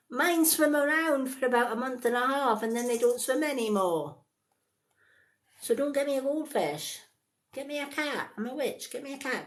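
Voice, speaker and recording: A woman giving a live psychic card reading in a chatty, rambling way, full of animated asides. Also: lowish voice.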